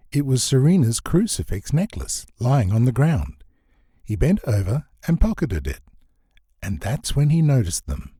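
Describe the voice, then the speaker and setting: A man narrating a comic novel as an audiobook, expressive and swinging his pitch for comic effect. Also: husky, dry recording, studio quality.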